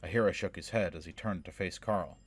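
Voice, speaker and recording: A man reading a fantasy novel aloud in measured, dramatic scripted narration. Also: low voice. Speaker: audiobook narrator.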